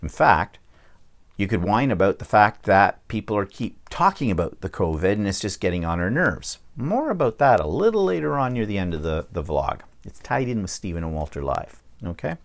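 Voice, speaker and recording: A man's voice: on the low side, sing-song, moderate pace. A man hosting his own vlog, ranting bluntly and checking in with the viewer as he goes. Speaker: vlog host. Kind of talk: casual vlog rant.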